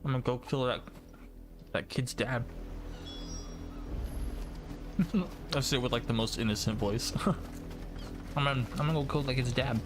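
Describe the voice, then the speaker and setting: A man making casual, jokey asides to his audience while playing through a video game. His voice sits at a medium pitch, and game music plays clearly underneath. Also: steady tone, fairly quick, long pauses. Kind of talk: casual gameplay commentary.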